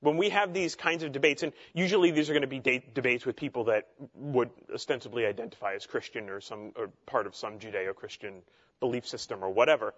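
A man's voice: medium pitch, fast, fairly bright tone, dull audio. A man teaching a theology class in a conversational way, with frequent fillers and asides.

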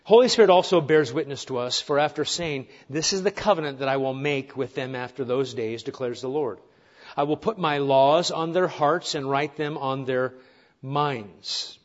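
A man's voice: mid-range voice, moderate pace, muffled recording. A man preaching a sermon to his congregation, earnest, with rhetorical questions and wry asides. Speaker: pastor.

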